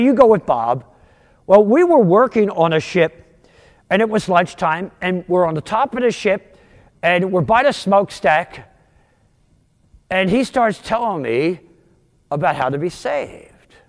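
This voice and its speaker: A man in his sixties from outside Philadelphia, telling his conversion story as a sermon testimony, with animated, storytelling delivery. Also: in a large hall. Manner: animated storytelling, wide pitch swings, rising for punchlines. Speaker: guest speaker giving testimony.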